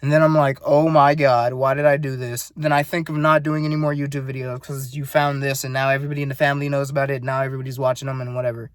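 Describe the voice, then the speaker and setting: A man's voice: medium pitch, completely flat delivery, racing, hardly any pauses, no echo, studio quality. A nineteen-year-old man rambling in a casual video diary, earnest and full of swearing. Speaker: vlogger.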